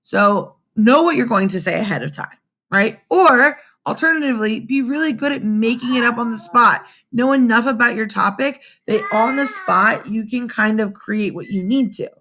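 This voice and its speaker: A young woman teaching a remote class from home through her computer's webcam, in a lively manner, often checking in with her students with "right?". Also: a little high, moderate pace. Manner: animated, addresses students directly with frequent "right?". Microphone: computer webcam mic.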